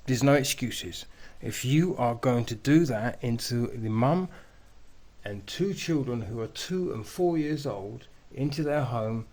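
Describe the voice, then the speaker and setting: A man hosting a reaction video, ranting angrily with constant swearing and mocking jeers. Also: mid-range voice. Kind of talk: angry profane ranting commentary.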